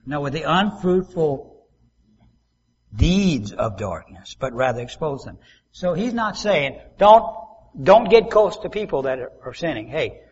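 A man pastor preaching a sermon, swinging from loud emphasis to soft asides and acting out quoted voices. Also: on the high side, husky, lo-fi sound.

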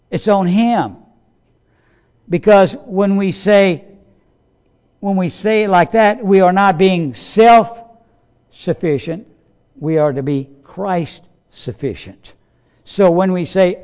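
Slow, emphatic male preacher. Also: high voice, lively intonation. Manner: emphatic, repeats key phrases, swells louder on points; slow, deliberate delivery. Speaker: pastor. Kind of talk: sermon.

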